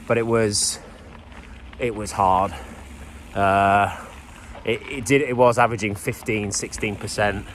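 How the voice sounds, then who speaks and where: A man's voice: lowish voice, a bit bright, a little hiss or hum. A man, a bikepacking racer, giving a chatty, rambling spoken recap of his ride outdoors, with self-deprecating asides. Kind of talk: casual spoken recap while riding. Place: outdoors on a trail, riding a bike.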